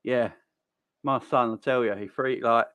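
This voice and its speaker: A man's voice: medium pitch, fairly even intonation, unhurried, fairly bright tone, smooth, no echo. A man in his thirties with a Cockney accent, hosting a casual football live stream from home, chatting and greeting viewers by name. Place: home, children in next room.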